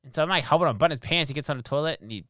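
A man's voice: fairly high pitch, very fast, crowd noise. A man in his thirties, a father, telling stories in casual chat and acting out the quotes. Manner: animated storyteller, acts out quotes.

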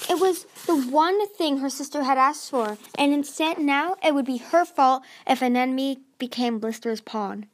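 A woman's voice: sits high, normal speed. A woman hosting a podcast, reading a novel aloud expressively with small stumbles. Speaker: audiobook podcast host.

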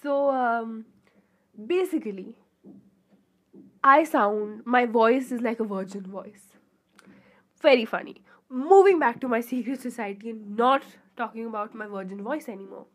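Chatty young woman with a higher voice. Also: moderate pace. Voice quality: pure-sounding voice. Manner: rambling and chatty, with frequent fillers and giggly asides. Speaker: podcast host. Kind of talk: casual solo podcast chat.

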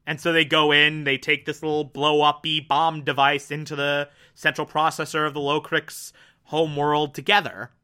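A man casually reviewing a cartoon episode, animated and emphatic, with mocking asides. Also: on the high side, moderate pace, smooth.

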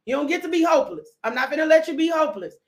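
A woman preacher giving an impassioned sermon, fervent and emotional, breaking into sudden shouts and repeated pleas. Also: sits high, expressive, rapid-fire. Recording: echoey room.

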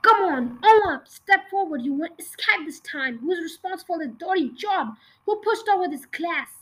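Woman voicing a storybook brute headmistress: loud, high and bellowing, furious throughout. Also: moderate pace, lightly acted. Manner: roaring, shouting accusations.

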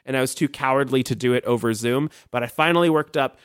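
A man's voice: mid-range voice, fast talker, fairly bright tone, smooth, no room sound, clean studio sound. A man hosting a casual podcast chat, explaining patiently like a teacher with lots of fillers. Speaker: podcast host and accent coach.

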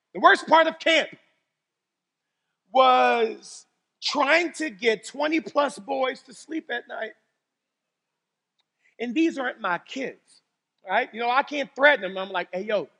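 A man preaching a sermon as pastor, telling stories animatedly, swinging between loud exclamations and low serious tones. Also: vocal fry, slightly rough, big-room sound. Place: church sanctuary.

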